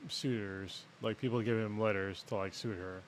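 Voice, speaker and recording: A man's voice: fairly low pitch, steady tone, slight background noise. A man in casual podcast chat who firmly corrects his co-host about the details of an episode. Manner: firm, correcting, quick to disagree.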